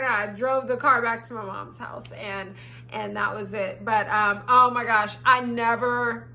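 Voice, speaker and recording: A high, bright young woman recounts a story in casual, animated storytime style. She swears freely and acts out her own past lines, close to the mic. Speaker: storytime vlogger.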